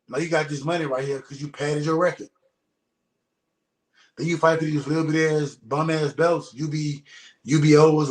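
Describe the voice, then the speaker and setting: A man, a retired professional boxer, talking bluntly and casually as an interview guest, with frequent swearing. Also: a little high. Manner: blunt, profane, emphatic. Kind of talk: casual conversation. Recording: echoey room.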